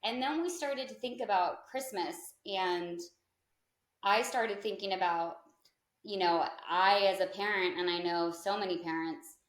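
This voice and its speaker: Chatty woman guest on a podcast, thirties, says like a lot, mid pitch, kinda roomy echo. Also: unhurried. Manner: chatty, peppered with "like" and lively quoted asides. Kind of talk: casual storytelling in an interview. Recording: echoey room.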